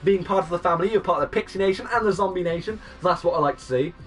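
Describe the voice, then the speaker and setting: A young man in his twenties live-streaming a game, greeting and thanking viewers and breaking into excited shouts. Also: high voice, very fast, far from the mic, soft background music. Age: 20s. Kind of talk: live-stream chat reading out viewers' messages.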